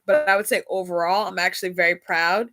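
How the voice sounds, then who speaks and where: A woman's voice: fairly low pitch, steady tone, fast. A woman hosting a casual faith-based talk, chatty and laughing often as she speaks straight to her listeners. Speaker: podcast host.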